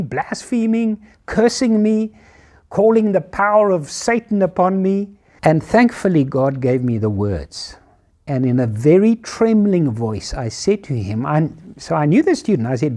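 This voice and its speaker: A middle-aged man delivers a sermon with a mellow, darkish voice. His pitch rises and falls widely as he presses each point home. He repeats key phrases for emphasis. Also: sing-song, a little slow. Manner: emphatic, repetitive rhetorical phrasing. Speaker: preacher.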